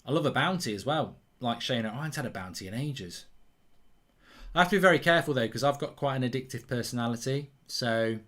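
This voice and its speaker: A man's voice: mid-range voice, a little fast. Chatty, swearing male streamer. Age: older than 23. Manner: chatty, lively, swears freely. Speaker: live watchalong streamer answering viewer questions. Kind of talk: casual chat.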